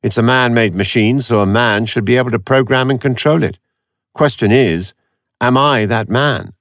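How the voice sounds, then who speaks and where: A man's voice: medium pitch, moderate pace, a bit bright, no echo, pitched above the performer's own voice, natural voice. A man voicing a cold, sardonic computer expert with a dry, cutting, detached manner.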